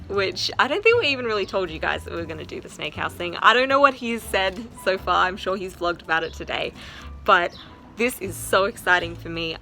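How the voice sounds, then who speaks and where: A young woman from South Africa or Australia chatting excitedly and rambling a little in a casual vlog, often giggling. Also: medium pitch. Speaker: vlogger.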